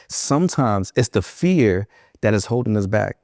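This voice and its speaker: A man's voice: on the low side, expressive, moderate pace, a little mellow, no room sound, studio quality. A man giving a motivational keynote to educators, emphatic and repeating phrases for effect, telling personal stories with humor.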